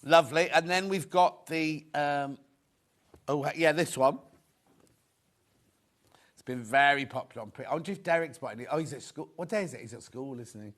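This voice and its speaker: A man's voice: a little high, normal speed, long pauses, fairly bright tone. A man presenting fabrics on a live TV shopping show, chatty and rambling, full of anecdotes.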